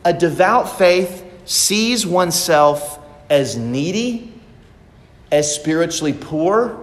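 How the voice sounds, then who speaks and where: A man preaching a sermon, pressing his points by repeating key phrases. His voice sits somewhat high for a man. The sound carries a long, roomy reverb, as in a church sanctuary. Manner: emphatic, repeats phrases for stress. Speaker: pastor. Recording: echoey church hall.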